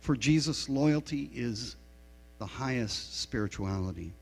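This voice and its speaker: A middle-aged male pastor preaches slowly and deliberately, with a gravelly, husky voice. He tells stories in a frank, self-deprecating, confessional way. The sound rings in a long church reverb, with a low mains hum underneath. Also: animated, a little mellow. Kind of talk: sermon. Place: church sanctuary.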